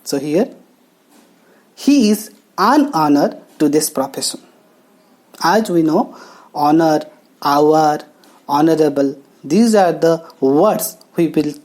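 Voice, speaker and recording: A woman teaching English grammar, talking slowly and explaining each step with pauses. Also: deep voice, lively intonation, dark tone. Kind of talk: classroom lesson narration. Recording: faint background music.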